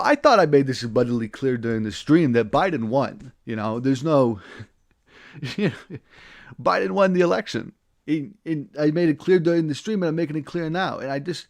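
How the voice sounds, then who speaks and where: Rambling, indignant man with a raised pitch. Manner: rambling, self-interrupting, flares into loud indignation. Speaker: livestream host. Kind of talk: satirical in-character political rant.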